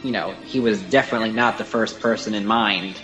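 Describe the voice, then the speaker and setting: A man's voice: lowish voice, brisk, a bit bright, soft background music, poor audio. A man co-hosting a casual podcast, talking about film performances in an enthusiastic, rambling way with many fillers. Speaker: podcast co-host.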